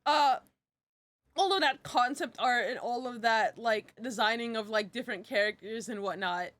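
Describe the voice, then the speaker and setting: A woman's voice: on the high side, normal speed, a bit bright, dry recording. A young woman answering questions on a casual live stream, rambling and giggly with many fillers and restarts. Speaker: streamer and project creator.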